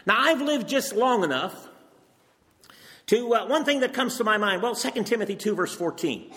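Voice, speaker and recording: A man's voice: high voice, expressive, moderate pace, fairly bright tone. An older man preaching a sermon, earnest and emphatic, firing off rhetorical questions. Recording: long reverb from a hall.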